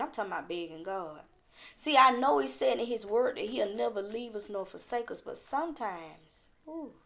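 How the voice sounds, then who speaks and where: A woman's voice: fairly high pitch, creaky. A woman delivering an impassioned, pleading sermon in colloquial speech. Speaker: preacher.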